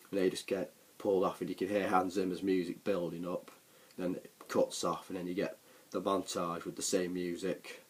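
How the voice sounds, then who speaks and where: A husky, low-pitched man reviews a film for his vlog. The recap is casual and meandering, and he keeps restarting and filling gaps with ums.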